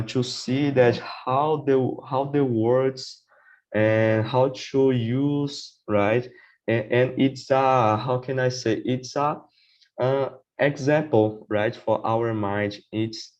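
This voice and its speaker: A man's voice: mid-range voice, a little mellow, highs cut off. A man speaking as a guest on a casual podcast about learning English. He talks hesitantly, often saying "for example" and "right?".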